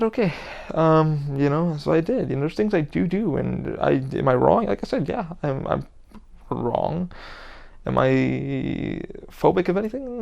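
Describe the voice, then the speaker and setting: A man's voice: fairly high pitch, vocal fry, a little mellow, lo-fi sound. A man hosting a podcast alone, ranting bluntly in an unscripted monologue, swearing constantly and often restarting his sentences. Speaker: podcast host.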